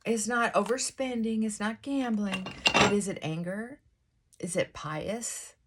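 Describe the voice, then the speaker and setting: A woman at a middle pitch talks her way through a get-ready-with-me vlog. She muses out loud, circles back on herself and keeps asking her viewers rhetorical questions. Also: a little hiss or hum. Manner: musing, asks many rhetorical questions; thinking aloud with frequent restarts and asides. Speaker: vlog host. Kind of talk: casual reflective monologue while getting ready.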